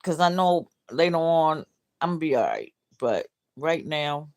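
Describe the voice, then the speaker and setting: A woman's voice: low voice, lively intonation, measured pace, darkish tone. A middle-aged woman hosting a livestream, downcast and heartbroken, reading out comments bluntly with swearing and laughs. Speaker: livestream host.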